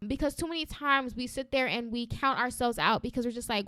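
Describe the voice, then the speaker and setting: A woman's voice: a little high, fairly quick, clean tone, no echo, studio quality. Upbeat woman hosting a faith podcast. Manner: energetic, conversational, often asks "right?"; encouraging and preacherly. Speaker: podcast host.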